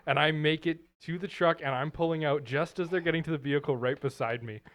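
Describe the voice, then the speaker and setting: A man's voice: fairly high pitch, steady tone, fast talker, a bit bright, slight background noise. A man on a casual podcast rambling through anecdotes, with lots of fillers like "you know". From Canada.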